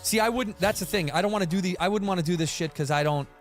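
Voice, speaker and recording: A man's voice: high voice, quick pace, faint music behind. A man co-hosting a podcast, chatting casually and telling anecdotes in which he acts out the voices of people he quotes. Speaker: podcast co-host. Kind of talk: casual chat, storytelling.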